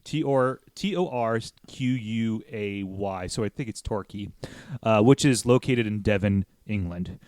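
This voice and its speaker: Rambling, joking American podcast host. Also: male voice, lowish voice, a little slow, darkish tone, no echo. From United States. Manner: rambling, joking, swears casually. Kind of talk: casual podcast chat.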